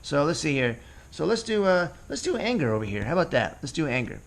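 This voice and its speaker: A man's voice: a little high, fast. A man teaching children to draw cartoon faces, talking casually and ad-libbing as he sketches along. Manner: relaxed, ad-libbing as he draws. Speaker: drawing teacher. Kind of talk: casual drawing tutorial.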